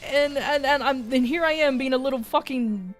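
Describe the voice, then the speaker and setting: Swearing American woman streamer, high voice. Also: moderate pace, soft background music. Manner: rambling storytelling, swears casually, laughs often. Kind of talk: casual chat.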